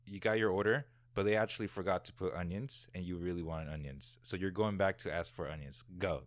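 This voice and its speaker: A man's voice: deep voice, fairly even intonation, a little fast, dry recording. A young man being interviewed in his own office, laid-back and teasing with a dry humor. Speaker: guest content creator. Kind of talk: casual interview chat.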